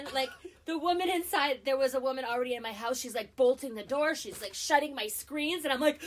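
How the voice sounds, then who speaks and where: This middle-aged woman speaks high and fairly quickly while telling a story as a talk show guest. She's lively and casual, often using fillers and starting over.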